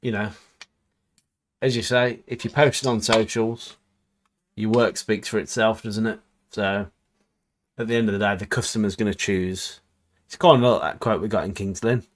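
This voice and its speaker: Co-host, lowish voice, chatty and bantering, casual stream talk. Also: male voice, fairly even intonation, normal speed, long pauses. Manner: chatty, banters, reads viewer comments aloud. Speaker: livestream co-host reading chat comments. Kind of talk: casual chat on a livestream.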